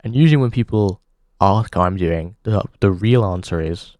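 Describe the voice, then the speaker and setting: A man hosting a comedy show, delivering a halting deadpan monologue full of pauses. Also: low-pitched, no echo.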